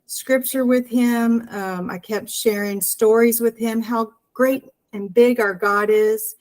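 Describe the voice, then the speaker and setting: Woman, interview guest, earnest storyteller who acts out dialogue, voice on the higher side. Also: fairly even intonation, slow, darkish tone, low-quality recording. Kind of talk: personal storytelling.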